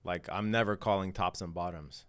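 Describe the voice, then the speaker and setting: A man's voice: sits low, fairly even intonation, moderate pace, fairly bright tone, clear, resonant tone. A man hosting a live day trading stream, talking in a casual, slangy, laid-back way and laughing often. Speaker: day trading livestream host.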